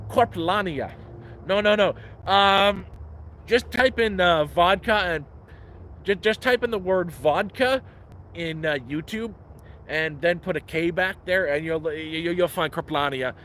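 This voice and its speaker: A blunt, plain-spoken man chats on a live stream from the woods, his voice sitting a little high. He swears freely, and his phone picks up a faint hum of outdoor air and passing traffic behind him. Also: measured pace, a bit bright. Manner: blunt, profane, frank advice giver. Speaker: livestream host living outdoors. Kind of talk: casual live-stream chat. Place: outdoors in woods near a camp.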